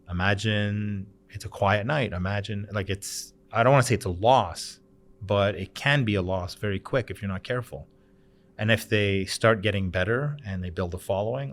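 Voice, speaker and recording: A man's voice: fairly low pitch, brisk, a little hiss or hum. A man in his thirties from Canada, a bar owner chatting as a podcast guest, telling stories and acting out the other people's voices. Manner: animated storyteller, acts out quoted voices. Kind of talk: casual chat.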